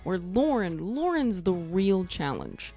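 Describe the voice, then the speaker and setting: Her voice sits low but sways up and down in a sing-song, warm way as this woman vlogger slowly walks through a show recap. She's sarcastic, blunt, and swears casually, while faint background music runs behind her.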